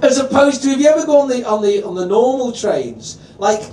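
Scouse stand-up compere, male, high bright-ish voice but mellow tone, heard from a distance in an echoey club. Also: lively intonation, a little fast. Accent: Liverpool. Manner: swearing, chatty, crowd-teasing. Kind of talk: stand-up comedy set. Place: live comedy venue.

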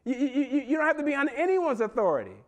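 Man, pastor, high-pitched voice, lively sermon delivery that jumps between loud highs and quiet lows, chapel setting. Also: fast. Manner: animated preaching, swings from loud and high to low and quiet. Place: seminary chapel.

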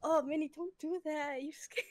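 High, lively excitable woman streamer. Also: normal speed, dry recording, studio quality. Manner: excitable, laughs and shrieks often. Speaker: VTuber streamer. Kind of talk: casual co-op game chat.

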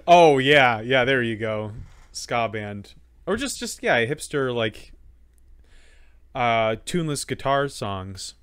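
A man's voice: medium pitch, big pitch swings, takes it slowly, a bit bright, clear, resonant tone, no echo. A man co-hosting a podcast in casual chat, joking and rambling with plenty of fillers and restarts. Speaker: podcast co-host.

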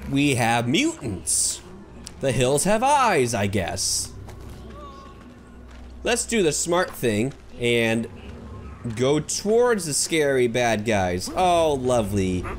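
A gaming video host delivers let's play commentary on a horror game, joking sarcastically, talking back to the characters, and yelping and swearing whenever something startles him. His medium-pitched voice is slow and sing-song, with soft music in the background.

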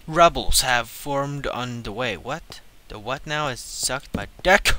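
A young man giving casual, profane gameplay commentary, jumping from low mutters to squealing shouts. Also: a little slow, a little hiss or hum. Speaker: gaming channel host.

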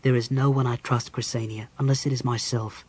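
A man doing a gruff big warrior. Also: medium pitch, level tone, a little fast, darkish tone, a little hiss or hum, natural voice. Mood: pleading. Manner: gruff, growling. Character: big brooding male warrior general, possessive.

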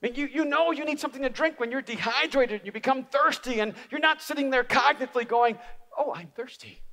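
A man preaching a sermon as an animated, humorous storyteller. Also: very high voice, fast talker. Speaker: speaker. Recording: reverberant live hall.

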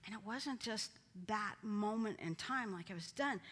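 A woman's voice: mid-range voice, animated, a little slow, a bit bright. A woman teaching a Bible study, acting out the quoted lines with dramatic emphasis. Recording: hall reverb.

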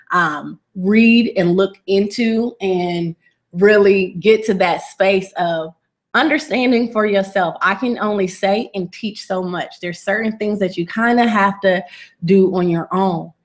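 Animated, playful woman teaching a webinar. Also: medium pitch. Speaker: wellness coach. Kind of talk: webinar lesson.

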